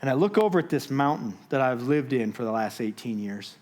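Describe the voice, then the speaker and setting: A man giving a sermon as guest speaker, telling a personal story with dramatic pauses, moving between loud and hushed moments. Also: medium pitch, lively intonation. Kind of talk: sermon testimony. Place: church stage.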